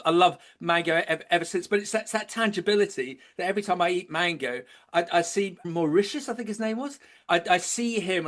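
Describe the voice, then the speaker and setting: A man's voice: high-pitched, fairly bright tone. A man, a guest on a podcast, telling stories with enthusiasm and frequent restarts. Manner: enthusiastic storyteller, many restarts. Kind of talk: podcast interview.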